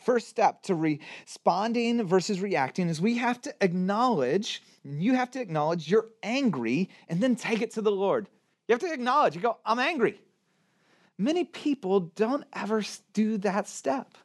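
A man with a high-pitched voice delivers a sermon as a pastor. He talks in an animated way, leaning on rhetorical questions and punching key words with strong emphasis. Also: moderate pace.

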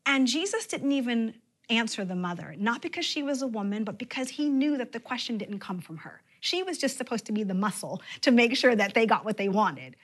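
A woman pastor preaching a sermon, with expressive emphasis and sudden drops to a near-whisper. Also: fairly high pitch, a little fast.

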